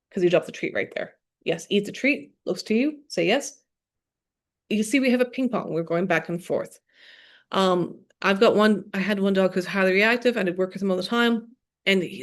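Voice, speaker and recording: Recorded at her computer, a woman with a mid-range voice runs a dog training workshop. She explains the steps in an upbeat, demonstrative way.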